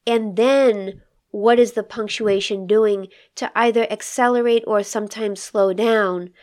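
A woman co-hosting a podcast discusses a poem in a conversational way, thinking it through and asking probing questions. Her mid-range voice has a darkish tone and fairly even intonation, and she speaks a little slowly.

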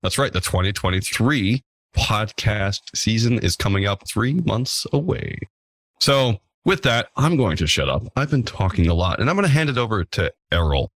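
A man's voice: on the low side, sing-song, normal speed, a bit bright, no room sound, clean studio sound. A man hosting a casual podcast, talking in a playful, jokey, upbeat way. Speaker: podcast host.

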